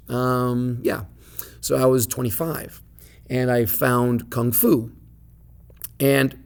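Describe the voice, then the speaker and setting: A man in his thirties hosting a podcast, telling a personal story in a casual, animated way. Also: medium pitch. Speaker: podcast host.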